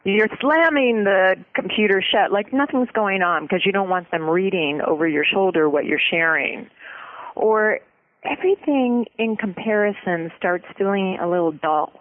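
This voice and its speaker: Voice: mid-range voice, moderate pace, no room sound, phone-quality sound. Earnest advice-giver on a phone-thin line. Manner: earnest, explanatory, steady. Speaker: relationship expert guest. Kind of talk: advice in an interview.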